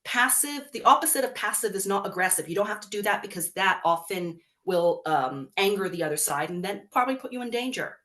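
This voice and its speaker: A woman's voice: medium pitch, fairly quick, hardly any pauses. A woman co-hosting a podcast, talking casually about parenting and often acting out what children and parents say. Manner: animated, acts out quotes of kids and parents. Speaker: podcast co-host; works with young schoolchildren.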